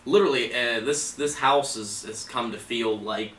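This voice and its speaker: A man investigating a haunted object in his own old house, speaking emphatically with halting restarts. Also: medium pitch, fairly bright tone. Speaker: paranormal investigator. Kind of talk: live investigation chat. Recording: roomy, distant, faint background noise.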